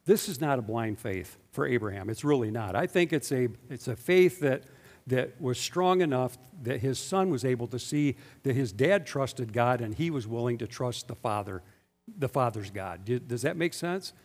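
A man's voice: mid-range voice, animated, normal speed, darkish tone, soft background music. Emphatic male preacher in a reverberant hall. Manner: emphatic, asks the congregation rhetorical questions. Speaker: pastor. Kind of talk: sermon.

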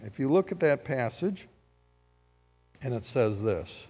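Pastor preaching in a reverberant hall. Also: male voice, medium pitch, a little slow, long pauses, husky, soft background music. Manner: animated, conversational preaching with rhetorical questions. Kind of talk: sermon.

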